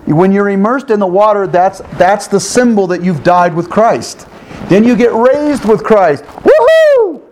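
A man teaching the Bible one-on-one in an animated way, with exclamations, rhetorical questions and repeated phrases. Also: high voice, a little hiss or hum. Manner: animated, with exclamations and sound effects.

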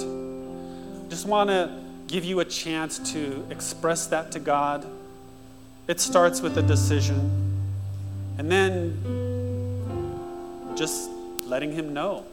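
A male pastor giving an encouraging sermon, then leading a prayer. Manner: warm encouraging preaching, rising to animated high-pitched mimicry. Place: church sanctuary. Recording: long church reverb with soft guitar. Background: soft guitar music.

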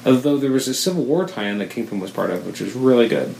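A man co-hosting a relaxed chat who rambles and corrects himself as he goes. He is enthusiastic. His voice sits at a middle pitch, and the room gives it a roomy echo over faint background ambience. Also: fast talker, creaky, slight background noise. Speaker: podcast co-host. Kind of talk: casual chat.

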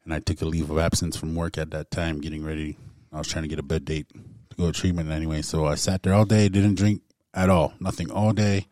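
A man's voice: rumbling low, flat delivery, fast, hardly any pauses, a little mellow, dry recording, clean studio sound. A man casually telling a personal story to a group, laid back and full of "man" and "like". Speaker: guest storyteller.

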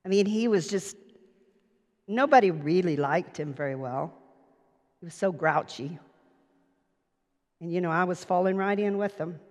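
Slow-speaking woman preacher in reverberant hall. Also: on the low side. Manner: personal anecdote, earnest, slow. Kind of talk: sermon storytelling. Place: church sanctuary. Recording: long reverb of a church hall.

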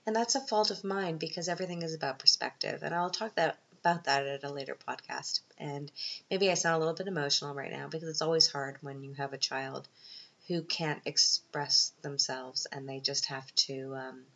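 A woman's voice: low-pitched, moderate pace, creaky, a bit bright. A woman hosting her own podcast, talking through tears, hesitant and full of ums, on a dull lo-fi recording. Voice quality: unscripted, hesitant with many ums. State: tearful, emotional. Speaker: podcast host. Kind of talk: personal podcast monologue. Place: Vienna.

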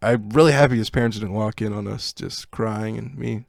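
Recorded in a clean studio with no room sound, a young man co-hosting a podcast recounts something from his childhood, chatting casually. He laughs a lot and acts out people's quotes with animation, his lowish voice gravelly and moderately paced.

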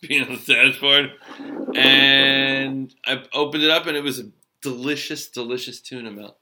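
A man's voice: medium pitch, steady tone, measured pace, pushed and bright. A middle-aged man telling a loose, profane story from his cab-driving days in a casual chat. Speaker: storyteller, former cab driver.

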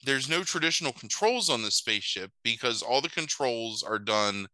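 A man retells a movie plot with lively, swooping pitch and a very bright, sharp tone. He is sarcastic and swears freely while he chats. The sound is dry and close. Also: moderate pace, dry recording, rough recording. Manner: animated, profane, sarcastic storytelling. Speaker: podcast co-host. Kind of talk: casual chat recapping a movie.

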